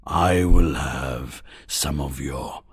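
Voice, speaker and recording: A man voicing a slow, grand storybook lion. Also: extremely low pitch, husky, dry recording, studio quality, pitched below the performer's own voice, exaggerated voice. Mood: grand, lordly. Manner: slow, grand, drawn-out speech. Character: pompous grand male lion customer.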